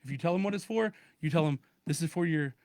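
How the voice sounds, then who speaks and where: A man's voice: on the high side, quick pace, darkish tone, no room sound, studio quality, lightly acted. A man voicing a pushy male phone scam caller who gives clipped, bossy orders and keeps calling him partner.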